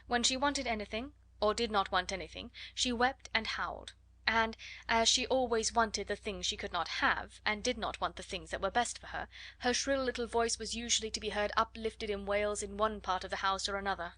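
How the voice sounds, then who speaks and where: A woman narrates a classic children's novel at an even storytelling pace. Her voice is bright and clear. The recording is dry and close. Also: mid-range voice, dry recording. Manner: measured storytelling. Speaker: audiobook narrator. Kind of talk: scripted audiobook narration.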